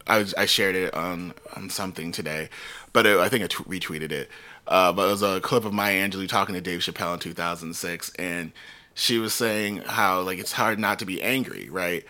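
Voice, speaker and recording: Guy cohosting a podcast, bright forceful voice kinda low, laughs a lot telling stories. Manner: animated storyteller, laughs often. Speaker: podcast co-host. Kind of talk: casual chat.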